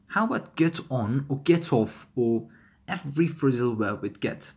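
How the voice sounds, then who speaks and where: A man's voice: mid-range voice, animated, a little mellow, husky. A man with as his teaching English pronunciation. He speaks with grammar slips and repeats each example word several times. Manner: slow, repeats example words many times. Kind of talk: pronunciation lesson.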